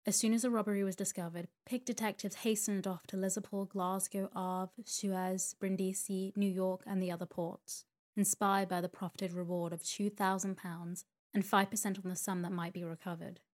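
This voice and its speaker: A woman's voice: medium pitch, normal speed. A woman narrating a classic novel as a bedtime sleep story, reading steadily. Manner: steady, even-paced reading.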